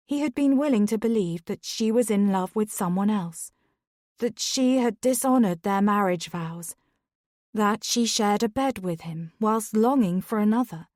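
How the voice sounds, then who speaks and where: A woman narrating a historical romance in a measured, emotive reading. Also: medium pitch, darkish tone, no room sound, studio quality. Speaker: audiobook narrator.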